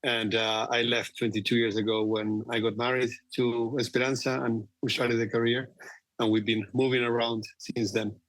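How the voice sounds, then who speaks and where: A man in his forties, a native Spanish speaker with an Argentinian accent, is a guest executive in a conversational interview about his career. His medium-pitched voice is flat, fairly bright, and at normal speed, recorded dry, and he says "you know" a lot.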